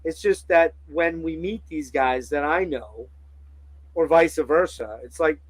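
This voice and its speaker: A man with a fairly high voice tells a story in a casual podcast chat, swearing freely and acting out every quote. His pitch swings widely as he talks. The sound is dry and close, with no room echo at all. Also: unhurried, breathy edge. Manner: profane, animated storytelling with acted-out quotes. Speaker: podcast host.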